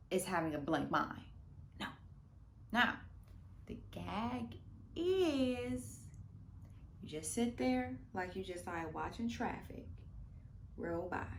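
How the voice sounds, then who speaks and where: A woman vlogger giving casual, playful meditation advice, full of slang, swinging from lively bursts to soft murmurs. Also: lowish voice, slight background noise. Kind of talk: casual instructional talk. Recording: roomy room echo.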